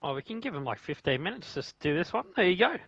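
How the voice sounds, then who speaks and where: Man, co-host, high-ish voice, chatty and teasing, muffled lo-fi sound. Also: very animated, quick pace, vocal fry, noisy background. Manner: chatty, laughing often, teasing. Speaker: stream co-host. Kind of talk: casual live-stream chat and race commentary. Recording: dull lo-fi remote audio.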